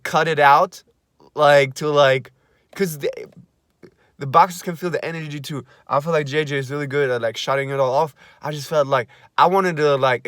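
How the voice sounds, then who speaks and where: A young man in a casual vlog, excitedly recapping an event he attended, gushing, repeating himself and swearing now and then. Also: a little high, dry recording, studio quality. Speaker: vlogger.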